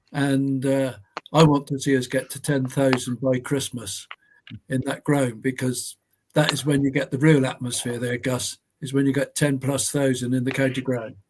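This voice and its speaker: A man giving measured opinions as a pundit on a casual fan talk show. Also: medium pitch, a little mellow, a little hiss or hum.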